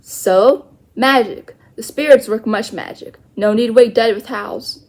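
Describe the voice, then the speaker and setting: A woman's voice: a little high, measured pace, a little mellow. A woman voicing a tiny stern warrior man. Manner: clipped broken speech, blunt and commanding. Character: tiny stern adult male warrior brought to life. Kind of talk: storybook read-aloud.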